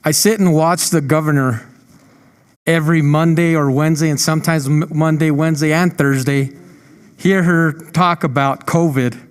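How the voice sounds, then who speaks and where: Fired up senator guy, high voice, echoey chamber, gets emotional. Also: steady tone, moderate pace, clean tone. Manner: passionate, emotional, rhetorical. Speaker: state senator. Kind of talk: impassioned floor speech.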